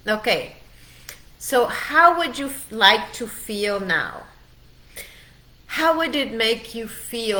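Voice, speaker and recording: A middle-aged woman as a wellness coach, leading a guided training in a slow, soothing, heartfelt way. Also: mid-range voice, lively intonation, fairly bright tone. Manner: slow, soothing, heartfelt, urges the listener to breathe.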